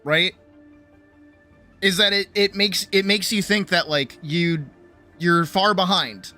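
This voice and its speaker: A woman's voice: fairly low pitch, takes it slowly, sharp tone, faint music behind. A woman streamer giving a rambling, profane pep talk in casual livestream chat. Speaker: streamer and artist.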